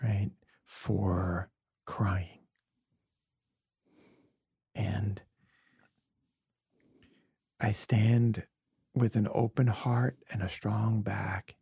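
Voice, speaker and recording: A middle-aged man from New York City speaks in a low, gravelly, husky voice. His storytelling is earnest and confessional, and it sometimes sinks to a near-whisper. The sound is dry and close. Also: fairly even intonation, very slow, pauses often, dark tone, no echo. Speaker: podcast guest. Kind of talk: reflective conversation.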